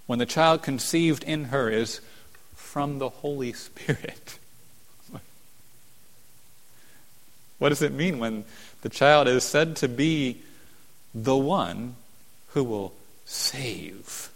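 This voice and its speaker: A man preaching a sermon as a pastor, earnest, rising to emphatic peaks and falling to hushed tones. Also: medium pitch, extremely slow, creaky, long pauses. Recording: long hall reverb.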